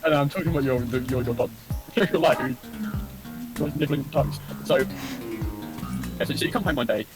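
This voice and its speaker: A young man in casual chat, rambling and stumbling over words with deadpan dark jokes. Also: medium pitch, a little fast, long pauses. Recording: music playing behind.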